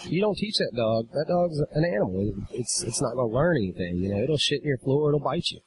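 A man in casual podcast chat, swearing freely and growing animated as he retells a quarrel. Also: medium pitch, fairly quick, a crowd in the background, rough recording. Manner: profane storyteller, animated when retelling a quarrel. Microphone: drifts from the mic at times.

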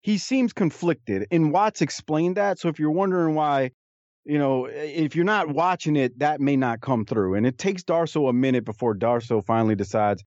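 A man's voice: on the high side, normal speed, darkish tone, no echo, lo-fi sound. A man co-hosting a casual podcast, talking in a rambling, amused way with frequent restarts. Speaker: podcast co-host. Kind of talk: casual chat.

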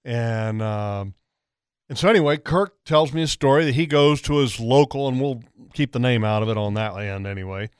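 A man's voice: medium pitch, moderate pace, clear, resonant tone, no echo, studio quality. A man hosting a radio talk show, chatting casually and talking over his co-host. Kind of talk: casual chat.

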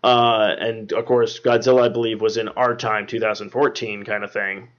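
A man's voice: fairly low pitch, flat delivery, moderate pace. Guy rambling thru a movie recap on a podcast, lots of um and like, swears a bunch, dull lo-fi sound. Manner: rambling, many fillers and swearing. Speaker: podcast host. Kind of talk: casual movie recap chat.

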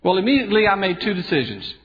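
A man's voice: high voice, very animated, racing. A male radio host giving an earnest, conversational inspirational talk and telling stories. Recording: dull sound with long hall reverb.

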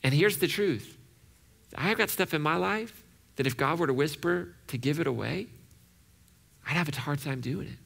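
Gravelly, bright-voiced male pastor preaching. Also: a little high, moderate pace, pauses often. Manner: conversational, repeats phrases and asks "right?". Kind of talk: sermon.

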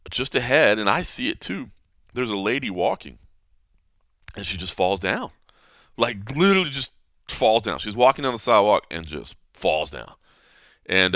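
Animated man telling a casual story. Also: fairly low pitch, no room sound, studio quality. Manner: animated storyteller who acts out quoted voices; frequent fillers like man and you know. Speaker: podcast host.

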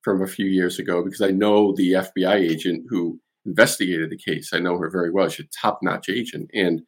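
A man, a guest author on a podcast, explaining a case in animated storytelling with restarts. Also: deep voice, a little fast, breathy edge. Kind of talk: podcast interview.

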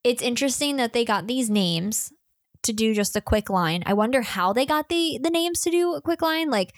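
A woman's voice: a little high, lively intonation, moderate pace, dry recording, clean studio sound. A woman co-hosting a podcast in casual chat, musing aloud with many filler likes. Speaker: podcast co-host.

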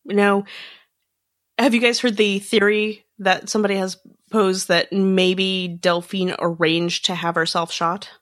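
A woman's voice: medium pitch, little pitch movement, measured pace, fairly bright tone, no room sound, studio quality. A woman co-hosting a podcast in casual chat, speculating and hedging as she thinks aloud. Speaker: podcast co-host.

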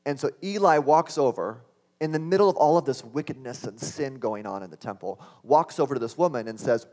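A man's voice: mid-range voice, expressive, brisk, darkish tone. A man preaching a sermon, earnest and building to impassioned exclamations. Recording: long hall reverb.

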